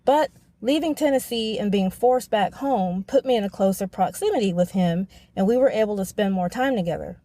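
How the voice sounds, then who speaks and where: A woman narrating her own story in a reflective, measured way, her voice soft and mellow. The recording is dry and close, with no room around it. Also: medium pitch, animated, no echo. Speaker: podcast host. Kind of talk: scripted personal narration.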